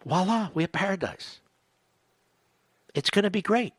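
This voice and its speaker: A man's voice: high voice, lively intonation, normal speed, breathy edge, dry recording. A man hosting a talk radio show, delivering a combative, sarcastic political monologue that rambles from point to point.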